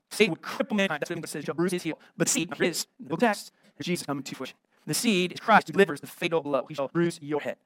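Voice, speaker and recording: A middle-aged American pastor preaching a sermon, emphatic and full of rhetorical questions. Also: male voice, fairly high pitch, a bit bright, no echo.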